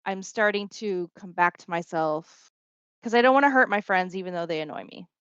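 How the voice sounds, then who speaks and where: A woman's voice: fairly low pitch, expressive, fairly quick, fairly bright tone, clear, resonant tone, no room sound. A woman player in a tabletop game, describing her character's actions in the first person. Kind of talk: tabletop role-play chat. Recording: dull lo-fi audio.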